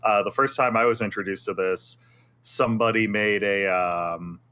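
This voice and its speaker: A man's voice: lowish voice, fairly even intonation, moderate pace, bright, forceful tone, clear, resonant tone. A man on a tech podcast, joking wryly and sharing opinions in casual chat. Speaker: podcast co-host.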